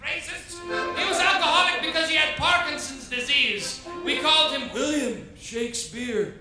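A man performing stand-up as a brash fake-Frenchman character, shouting rapid-fire wisecracks in a put-on French accent. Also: extremely high pitch. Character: loud brash fake-Frenchman accordion comedian, adult man. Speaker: stand-up comedian. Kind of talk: stand-up comedy set. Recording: echoey stage with accordion music.

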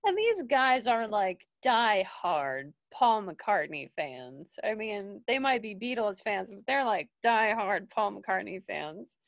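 A young woman and studio manager telling a casual story, full of fillers and restarts, jumping higher when she quotes people. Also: sing-song, slow, hardly any pauses, dry recording, dull audio.

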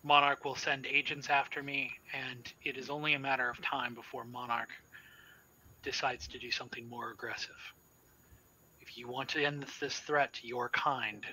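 A trapped Minotaur, voiced by a man running the game, speaks calmly and ominously in slow, weighty statements. The tone is sharp and tense, bright at the edges. It is a tabletop horror game, and the voice sounds like a patient warning. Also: medium pitch, a little hiss or hum, rough recording. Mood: grave. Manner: measured, solemn pronouncements. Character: captive male Minotaur-like creature, calm and ominous. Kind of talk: tabletop role-play voicing.

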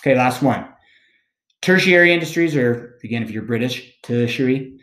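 A man teaching a recorded lesson, explaining in a relaxed, conversational way and often checking in with "okay?". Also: medium pitch, normal speed, reverberant. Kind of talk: recorded classroom lecture.

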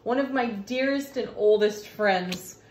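A tarot reader with a medium-pitched voice reads cards in a casual, slow, warm-hearted way, gushing about them and laughing often. The room is echoey, and there's slight background noise.

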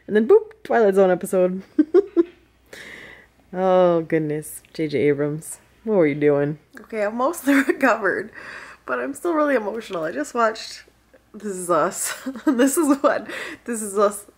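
A woman's voice: mid-range voice, very animated, a little slow, a little mellow. Chatty woman in her thirties vlogging. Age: 30s. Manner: chatty, laughs often, talks to her dogs. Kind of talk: casual vlog chat. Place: at home indoors.

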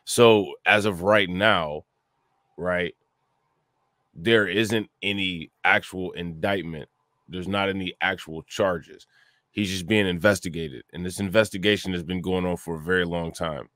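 Male co-host, very low voice, blunt casual takes, dry sound. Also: steady tone, measured pace, fairly bright tone, no echo. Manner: blunt, dismissive commentary. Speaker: podcast co-host. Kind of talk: casual podcast chat.

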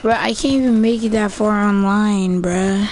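A woman's voice: mid-range voice, steady tone, moderate pace, a little mellow, a little hiss or hum. A woman gamer giving casual gameplay commentary, frustrated and swearing often, with "bruh" in nearly every sentence.

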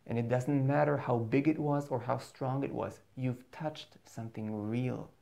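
Gravelly-voiced man giving a spiritual talk. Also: medium pitch, steady tone, a little slow, mellow. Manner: earnest, repeats words for emphasis. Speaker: spiritual teacher.

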